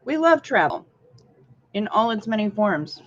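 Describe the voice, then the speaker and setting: A woman's voice: mid-range voice, big pitch swings. A woman co-hosting a casual livestream from a diner booth, joking dryly and sometimes talking with her mouth full. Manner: slow, dry and joking, chewing food while talking. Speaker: livestream co-host. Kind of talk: casual chat. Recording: dull lo-fi livestream audio.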